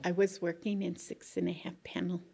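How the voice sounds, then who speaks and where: A woman's voice: lowish voice, level tone, a little fast, warm tone. An older woman, a retired coal miner, telling earthy stories in an oral history interview, swearing freely and laughing often. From Colorado. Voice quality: gravelly, husky.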